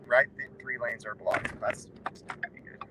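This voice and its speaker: A man's voice: medium pitch, fairly even intonation, fairly quick. A young man on a road trip, talking casually from his car in a rambling, wry, offhand way. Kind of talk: casual chat. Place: inside a car while driving. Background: faint road and vehicle noise.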